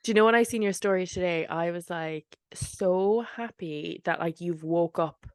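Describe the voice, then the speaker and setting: A woman in her late twenties co-hosting a podcast from bed, animated, laughing a lot and acting out what people said. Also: lowish voice, normal speed, clean tone, no echo, studio quality. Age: late 20s. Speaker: podcast co-host. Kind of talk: casual chat.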